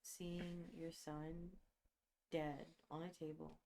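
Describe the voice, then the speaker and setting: A woman's voice: low voice, level tone, takes it slowly, warm tone. A woman co-hosting a podcast, chatting casually about a movie with blunt, emotional reactions. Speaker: podcast co-host.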